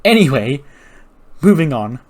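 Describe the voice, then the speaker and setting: Guy doing a brash loud wrestler, cocky talk-show swagger, kinda shouty. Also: mid-range voice, sing-song, measured pace, pitched above the performer's own voice. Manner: loud, brash, showman bluster.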